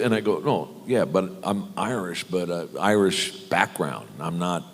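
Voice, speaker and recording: A middle-aged American man, a guest on a convention panel, telling anecdotes in an animated way, mimicking other people and often laughing. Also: deep voice, measured pace. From United States. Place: large convention hall. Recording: convention hall reverb.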